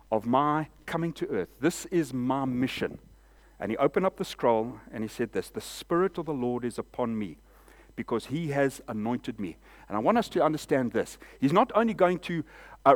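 Impassioned male pastor preaching. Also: medium pitch. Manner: impassioned, emphatic preaching with repetitions. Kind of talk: sermon.

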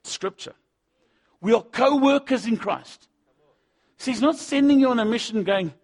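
A man preaching a sermon, swinging between loud punchy lines and low asides, acting out the voices he quotes. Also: animated, moderate pace, long pauses. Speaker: pastor.

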